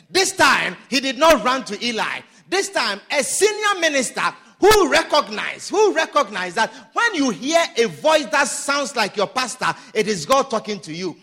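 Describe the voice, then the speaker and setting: A man delivers a sermon in a strikingly high voice. His pitch leaps and falls with great animation, and his tone is bright and forceful. He shouts some phrases and stretches others out slowly for emphasis. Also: very animated. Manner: preaching with sudden shouts and drawn-out emphatic lines. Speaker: pastor.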